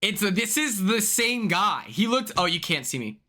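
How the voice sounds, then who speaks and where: A young man chatting casually on a stream, excitable and laughing often. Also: high voice, moderate pace.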